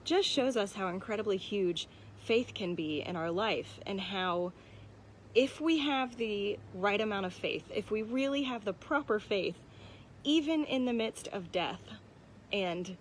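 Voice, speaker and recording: A woman's voice: medium pitch, slow. A young adult woman giving a casual church devotional, conversational and candid, with many "um"s and "like"s. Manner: conversational, frequent "um" and "like", personal and candid. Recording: faint background noise.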